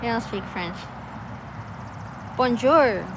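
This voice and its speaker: Outdoors near wind and trees, a woman chats casually with her live-stream viewers, laughing often and reading their comments aloud. Her voice sits high, her pace is measured, and there's background noise.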